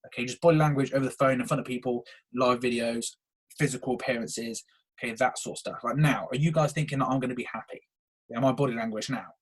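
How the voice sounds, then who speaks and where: A young man hosts a solo motivational podcast, speaking with eager energy and peppering his points with "okay." His mid-range voice has fairly even intonation, a quick pace and a breathy edge.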